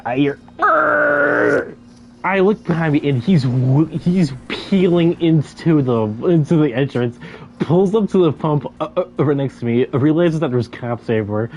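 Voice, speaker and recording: A man's voice: on the high side, warm tone, slight background noise. A young man casually telling a story while gaming, stuttering and repeating sounds, laughing as he goes.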